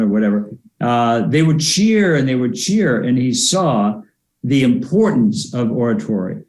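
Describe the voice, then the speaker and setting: A man's voice: mid-range voice, expressive, darkish tone. Older man telling stories in a roomy space. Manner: measured, anecdotal, with frequent fillers. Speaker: guest, former presidential advisor and speech coach. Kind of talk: storytelling interview answers. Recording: roomy echo.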